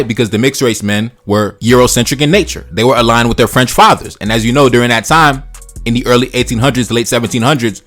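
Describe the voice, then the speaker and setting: Man, history-channel host, rapid delivery, reads then riffs bluntly with slang, faint music underneath. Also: mid-range voice, fairly bright tone. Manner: blunt, profane, slangy asides between read passages. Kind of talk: casual history commentary, reading passages aloud.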